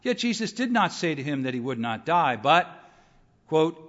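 A middle-aged man delivers a sermon in a measured, conversational tone, often posing rhetorical questions. His voice sits a little high. The sound is muffled and rings with the long reverb of a large hall. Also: very animated, fairly bright tone. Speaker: preacher.

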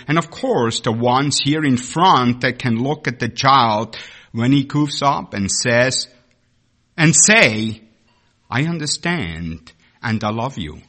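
God as a patient, proud creator, telling his plans slowly and with a bright, forceful edge, as a male preacher reads him aloud. The delivery is earnest storytelling, unhurried and clear. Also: medium pitch, exaggerated voice.

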